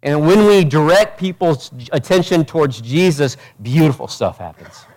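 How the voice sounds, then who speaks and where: A pastor delivers a passionate sermon in a fairly high, expressive voice at a normal speed. He swings between loud, urgent peaks and quiet, intimate asides, putting direct and rhetorical questions to the congregation and acting out quotes.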